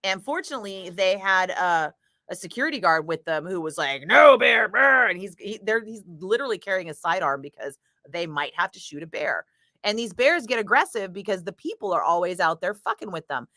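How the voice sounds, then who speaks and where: A woman radio DJ chatting casually between on-air segments, telling stories in an animated way, laughing and swearing freely. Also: on the low side, fairly quick, no room sound. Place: radio studio.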